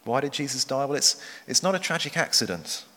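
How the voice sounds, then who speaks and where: A man preaching a sermon, earnest and measured, slowing down for emphasis. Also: mid-range voice, animated, sharp tone. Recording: long hall reverb.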